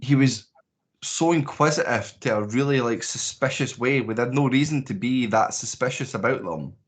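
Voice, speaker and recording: A man's voice: mid-range voice, moderate pace. A Scottish man co-hosting a podcast, reviewing a movie in casual, rambling chat with lots of swearing and restarts. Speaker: podcast co-host.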